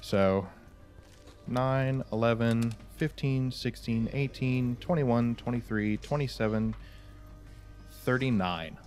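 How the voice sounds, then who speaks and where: A man's voice: medium pitch, slow, a little mellow, soft background music. A man playing a tabletop game, casually declaring moves and adding up rolls. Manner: casual, counts rolls aloud. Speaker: player.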